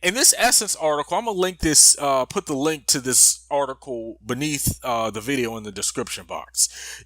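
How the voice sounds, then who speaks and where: Guy ranting casually on his channel, bright voice, sarcastic, dry close sound. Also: a little high, no room sound. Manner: conversational, sarcastic, with frequent restarts and fillers. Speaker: commentary video host. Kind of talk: casual political commentary.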